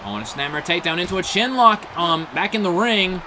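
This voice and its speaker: Excitable male wrestling commentator, noisy recording. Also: sits high, a little fast. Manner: excitable, frequent exclaimed "oh"s, chuckles at big moments. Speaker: play-by-play commentator.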